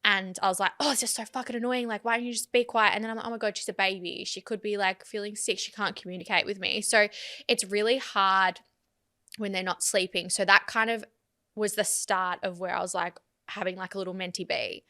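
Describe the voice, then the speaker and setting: A woman's voice: mid-range voice, fairly even intonation, a little fast, pushed and bright. A young woman, chatting candidly on a podcast, rambling and swearing freely. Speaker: podcast host. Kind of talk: casual chat.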